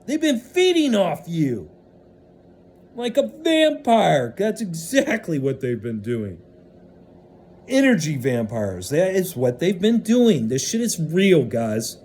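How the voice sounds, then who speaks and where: A man in an unscripted vlog monologue, ranting with lots of swearing and swinging between loud outbursts and hushed stretches. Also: fairly high pitch, huge pitch swings, takes it slowly, slight background noise. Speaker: vlogger.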